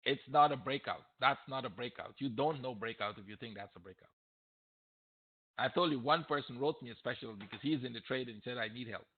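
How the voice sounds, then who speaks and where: A man's voice: medium pitch, brisk. A man teaching trading on a live question-and-answer stream, blunt and emphatic, repeating his points and getting heated. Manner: blunt, emphatic, repeats himself, gets heated and loud at times. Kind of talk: live Q&A webinar. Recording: tinny phone-like audio.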